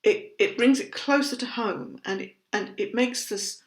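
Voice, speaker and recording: A woman teaching about Buddhism in a measured, thoughtful educational talk, patiently explaining terms. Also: on the high side. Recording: roomy echo.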